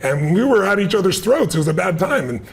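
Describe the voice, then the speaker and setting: Brief: middle-aged American man, gravelly and husky, emphatic interview guest with a fairly high voice. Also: quick pace. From United States. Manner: emphatic and energetic, with repeated short sentences. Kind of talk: animated storytelling in an interview.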